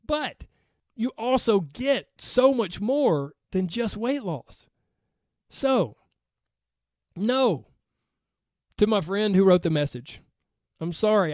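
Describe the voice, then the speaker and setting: A man's voice: high voice, darkish tone, no echo, studio quality. A man with a Southern accent hosting a solo podcast as a weight loss coach, talking in an earnest, motivational way and often checking in with "right?".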